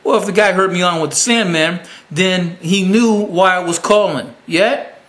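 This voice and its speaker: A man's voice: high-pitched, moderate pace, fairly bright tone. A man hosting his own show, commenting on a radio clip in a boastful, taunting way. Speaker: public-access show host. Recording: roomy echo.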